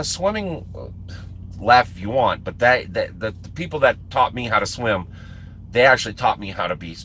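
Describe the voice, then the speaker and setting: A man's voice: a little high, fairly bright tone, low-quality recording. A man hosting a livestream, telling a long personal story in a casual, profane way with laughing asides. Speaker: livestream host.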